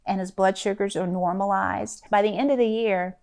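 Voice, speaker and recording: A woman physician being interviewed, telling stories about her work in a relaxed, conversational way with some fillers. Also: medium pitch, moderate pace, clean tone. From Louisiana, US. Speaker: interview guest, lifestyle medicine physician.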